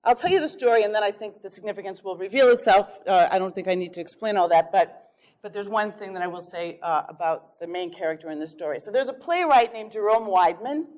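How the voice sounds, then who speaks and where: A woman giving a workshop talk, telling an anecdote in a lively, storytelling way with small chuckles. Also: medium pitch, quick pace. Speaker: workshop speaker. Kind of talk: storytelling lecture.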